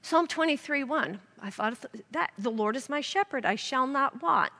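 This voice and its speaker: A woman's voice: high voice, lively intonation, moderate pace, bright, forceful tone, long reverb tail. A woman giving an earnest devotional Bible teaching, reading scripture aloud to her listeners.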